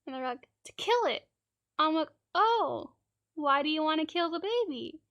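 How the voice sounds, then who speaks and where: A high-voiced woman from Canada chats casually as a streamer. Her voice has a gravelly, fry-laden edge. She rambles through anecdotes, laughing and acting out little quoted lines. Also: animated, normal speed, fairly bright tone, dull audio. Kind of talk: casual storytelling chat.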